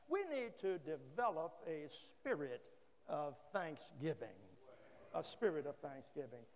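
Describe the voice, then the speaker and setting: High-voiced preacher guy taking his time, lots of uh's, big echoey church. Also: sing-song. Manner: measured, frequent "uh" pauses, repeats key phrases. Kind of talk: sermon. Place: church sanctuary. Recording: long church reverb.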